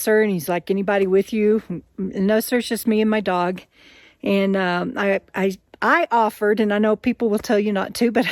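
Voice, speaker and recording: In clean studio-quality sound with no echo, a woman with a medium-pitched voice tells a story for her casual outdoor vlog. She's an RV nomad vlogger out hiking on a forest trail, a little breathless, chatty, laughing often, and animated as she retells events.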